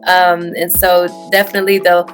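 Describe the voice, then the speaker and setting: A woman in her thirties speaks with a Houston accent, answering as a tennis coach in an earnest way, often pausing on "you know" and "um". Faint music plays underneath her voice. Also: lowish voice, little pitch movement. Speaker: high school tennis coach. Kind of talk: interview answers.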